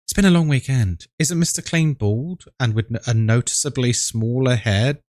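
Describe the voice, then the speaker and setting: A man's voice: mid-range voice, moderate pace, darkish tone, no room sound, clean studio sound. A man hosting a live stream, greeting his viewers by name in a chatty, playful, affectionate way.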